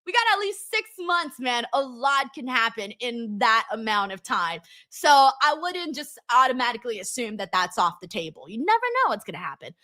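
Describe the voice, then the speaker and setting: Chatty young woman streamer, bright voice, pitched a bit high, lots of ums. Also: sing-song, normal speed, few pauses. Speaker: wrestling livestream host. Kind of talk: casual livestream chat, reading super chats.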